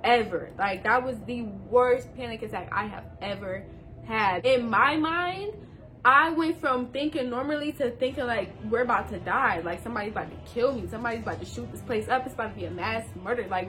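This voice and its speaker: A woman's voice: on the high side, brisk, fairly bright tone, soft background music. A young woman telling a casual storytime, slangy and talking straight to viewers. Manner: slangy, addresses viewers directly.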